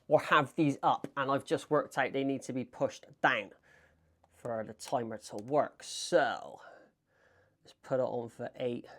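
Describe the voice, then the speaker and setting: A man's voice: mid-range voice, a bit bright. A man with a strong Bristolian accent, chatting casually and swearing as he cooks in his kitchen for a vlog, calling viewers mate. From England. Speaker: vlogger. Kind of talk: casual vlog chat while cooking. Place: home kitchen in a flat. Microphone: small wireless clip mic.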